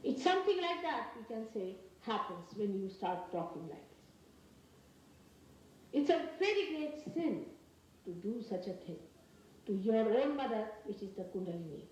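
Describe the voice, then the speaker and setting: A woman from India with an Indian English accent giving a spiritual lecture, earnest and emphatic, speaking in slow, halting phrases. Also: on the high side, very animated, a little mellow. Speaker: spiritual teacher. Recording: very echoey archival talk from a distance with faint noise.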